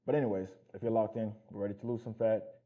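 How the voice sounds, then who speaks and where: A fitness coach giving blunt, profane motivational talk in a casual vlog. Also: male voice, lowish voice, steady tone, fast talker, muffled recording.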